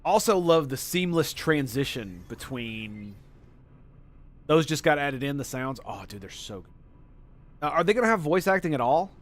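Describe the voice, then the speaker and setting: A man giving let's play commentary as a gaming streamer, excitable and profane, gushing over every detail. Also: fairly high pitch, normal speed.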